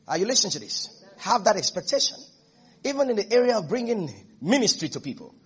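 A male pastor with a very high voice, preaching a sermon. He repeats his points with emphasis and keeps checking in with the congregation. His tone is husky and a little breathy. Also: big pitch swings, fast.

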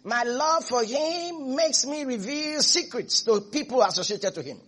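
Husky-voiced preaching man, high-pitched. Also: lively intonation, measured pace. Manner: preaching with rising shouts and hushed stretches. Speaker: pastor. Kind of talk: sermon.

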